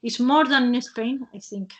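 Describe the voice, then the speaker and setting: A woman hosts a casual online webinar over a video call. Her voice sits fairly high, and her speech comes in halting bits with many fillers and restarts. She laughs often between phrases. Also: highs cut off. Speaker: webinar host.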